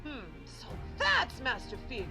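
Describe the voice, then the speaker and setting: A woman's voice: sits high, huge pitch swings, normal speed, bright, forceful tone, soft background music, voice pushed up, heavily acted, poor audio. A woman voicing a shrewd, cheerful male showman in a fan-read game story, with wry, confiding chatter.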